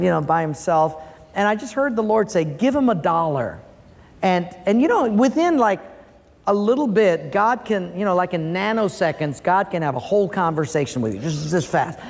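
A pastor preaches a sermon in a high-pitched voice with a long reverb tail. He tells stories animatedly and acts out voices while delivering a joke.

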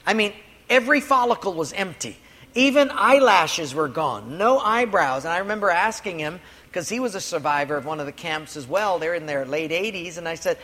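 A man's voice: fairly high pitch, moderate pace, fairly bright tone. A man preaching a sermon, telling a personal story earnestly and repeating key lines for emphasis. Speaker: pastor. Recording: long hall reverb, faint room noise.

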